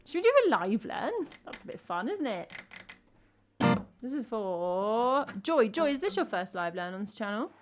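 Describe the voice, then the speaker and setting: A woman's voice: fairly high pitch, big pitch swings, moderate pace. An English woman in her thirties, chatting casually to viewers on a music livestream in a self-mocking, rambling way, dropping her T's. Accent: English, drops T's. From England. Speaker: streamer and singer-songwriter.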